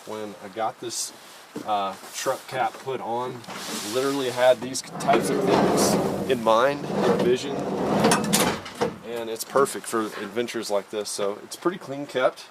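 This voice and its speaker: Speaking in a mid-range voice at an unhurried pace, a man vlogs casually from a mountain campsite in a very noisy recording. He's an easygoing, folksy outdoor vlogger who says "y'all," slightly winded from the altitude.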